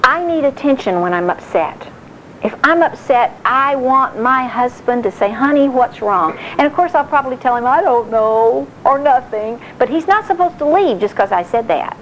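A middle-aged woman giving a sermon-style talk on marriage, animated and acting out quotes. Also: high voice, normal speed, highs cut off, a little hiss or hum. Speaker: speaker on marriage.

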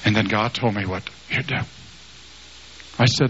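A man preaching a sermon, telling a personal story with animated delivery and dramatic swings in loudness. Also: on the low side, unhurried, long pauses. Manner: animated, acts out dialogue, big swings in loudness. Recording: slightly dull, faint background noise.

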